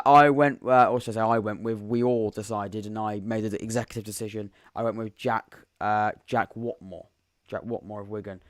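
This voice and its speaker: A man's voice: on the low side, no room sound, studio quality. A young man hosting a live football podcast, chatting casually and thinking aloud as he reads viewer comments. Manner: rambling, thinks aloud while reading comments. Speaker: podcast host. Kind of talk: live-stream football chat.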